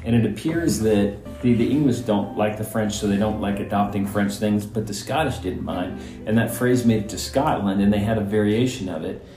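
A man's voice: fairly low pitch, moderate pace, hardly any pauses, dark tone, reverberant, soft background music. A man in his forties hosting a casual comedy podcast, explaining things in a rambling, joking way. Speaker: podcast host.

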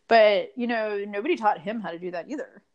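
A woman's voice: mid-range voice, fairly quick, highs cut off. A woman guest on an interview, explaining relationship advice in an earnest, casual way with many fillers.

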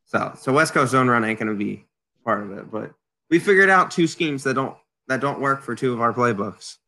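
A man guest on a casual podcast, talking in an animated way with frequent restarts. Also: medium pitch, normal speed.

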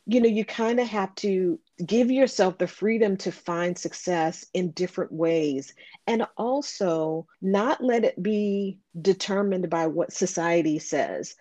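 A middle-aged woman telling a personal business story on a podcast, earnest and animated, acting out quoted conversations. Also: deep voice, no echo. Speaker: podcast guest, business owner. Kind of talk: reflective storytelling.

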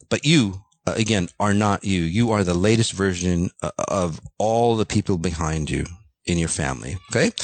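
A man's voice: low voice, dry recording. A man giving an unscripted motivational monologue, ranting bluntly with frequent fillers and swearing. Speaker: self-help speaker.

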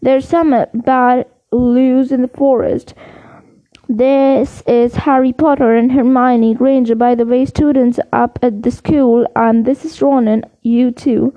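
A woman voicing a big, gruff male gamekeeper who talks in blunt, rough dialect. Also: a little high, flat delivery, takes it slowly, dull audio.

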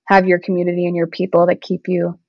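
A woman's voice: fairly low pitch, completely flat delivery, fast talker, dry recording. Young woman chatting on a podcast, says like a lot, slightly muffled dry audio. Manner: chatty, lots of "like", gets emotional. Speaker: podcast guest, singer-songwriter. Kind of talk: casual interview chat.

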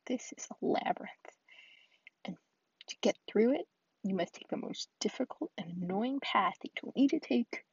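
A woman's voice: fairly high pitch, a little mellow, husky, no room sound, dull audio. A young woman hosting a solo podcast, rambling and self-deprecating, often dropping into a whisper. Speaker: podcast host.

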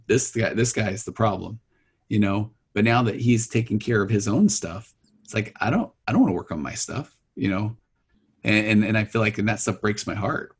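A husky, fairly low-voiced middle-aged man talks casually as a therapist. He tells stories from his work and slips into his clients' voices as he goes. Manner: storytelling, acting out clients' voices. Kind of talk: casual podcast conversation.

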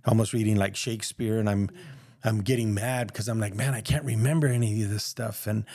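A man's voice: fairly low pitch, fairly even intonation, brisk, darkish tone, no room sound, studio quality. A man sharing his personal testimony in a casual, earnest, rambling way, acting out the voices of people he quotes.

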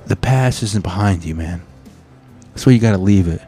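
A man's voice: sits low, moderate pace, dark tone, husky, faint music behind. A man hosting a podcast, signing off in a casual, profane and emphatic pep talk. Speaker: podcast host. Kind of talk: casual sign-off.

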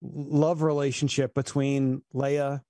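A man's voice: mid-range voice, flat delivery, slow, warm tone, no echo, studio quality. A man co-hosting a casual podcast chat, talking in a loose, easygoing way. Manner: laughing, apologetic, casual. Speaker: podcast co-host.

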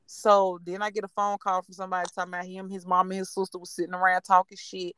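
A woman's voice: fairly low pitch, completely flat delivery, fast, fairly bright tone, clear, resonant tone. A woman in her twenties, a podcast host, telling stories in casual chat, blunt and profane, acting out what others said. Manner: profane, blunt, vents with quoted dialogue.

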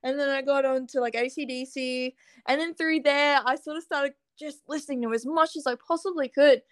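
A woman's voice: high-pitched, fairly even intonation, fairly quick, no room sound. A young woman, a musician guest chatting casually and laughing often. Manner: chatty, giggly, lots of fillers. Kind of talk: casual interview chat.

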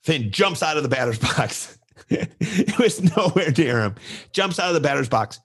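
A man's voice: a little high, animated, normal speed, slightly rough. A middle-aged man, co-hosting a casual podcast and animatedly telling a youth baseball story, acting out the voices of kids and coaches.

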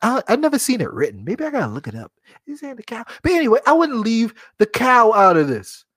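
A man's voice: extremely high pitch, huge pitch swings, brisk, a bit bright, no echo, studio quality. A man hosting a podcast, chatting casually about cooking, joking, laughing at himself and talking straight to his listeners. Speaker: podcast host.

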